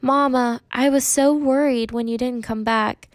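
A woman's voice: on the high side, steady tone, measured pace, no room sound, clean studio sound, natural voice. A woman reading as an anxious, pleading young girl. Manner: urgent, pleading.

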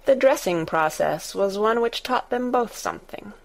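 A woman narrates a classic novel as an audiobook reader, telling the story in a measured way. Her voice sits in the mid range, with lively intonation and some vocal fry.

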